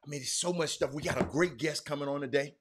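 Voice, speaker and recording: A man hosting a casual livestream sports talk show, rambling and animated, with frequent restarts and fillers. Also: on the high side, fast talker, husky.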